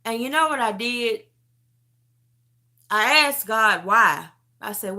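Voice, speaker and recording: A middle-aged woman sharing a personal testimony on a live stream, telling her story with animated emotion and close to tears, often calling the listener "beauty". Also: on the high side, slow pace, pauses often. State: near tears.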